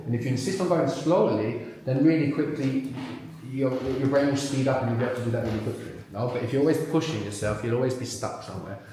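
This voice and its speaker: Leading a language workshop for a live audience, a man patiently questions learners and repeats words back to them. The voice is medium-pitched with a darkish tone, the room is very echoey, and a little hiss or hum sits in the recording.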